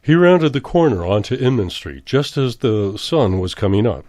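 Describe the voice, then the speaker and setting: A man reading a horror story aloud in a measured, dramatic way. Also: mid-range voice, animated, dark tone, dry recording. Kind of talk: scripted horror narration.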